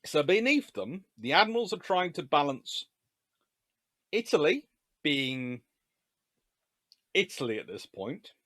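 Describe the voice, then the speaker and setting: Animated, joking male history lecturer. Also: fairly high pitch, slow pace, pauses often, dry recording. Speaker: history lecturer and channel host. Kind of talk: live-streamed history lecture.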